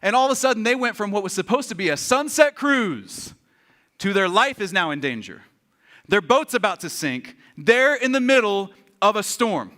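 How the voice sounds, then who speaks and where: Young pastor guy preaching, high bright voice, acts out all the characters. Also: normal speed. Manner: animated storytelling, acting out voices. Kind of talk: sermon.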